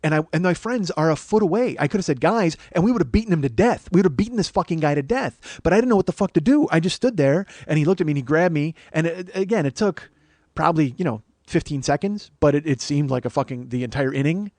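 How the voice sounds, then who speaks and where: A man in his forties, a podcast host, telling a story in a profane, rambling way full of halting restarts. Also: fairly high pitch, expressive, darkish tone, no room sound. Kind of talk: comic storytelling monologue.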